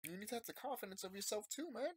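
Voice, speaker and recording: A man's voice: sits high, expressive, very fast, slightly rough, dry recording. A man in his thirties talking casually and emphatically to his subscribers, rambling and repeating himself. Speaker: YouTuber. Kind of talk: casual unscripted monologue to subscribers.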